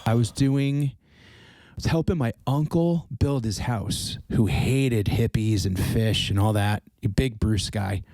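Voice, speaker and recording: A man telling stories in casual podcast chat, animated and swearing freely. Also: medium pitch, a little slow, no room sound, studio quality. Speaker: podcast guest.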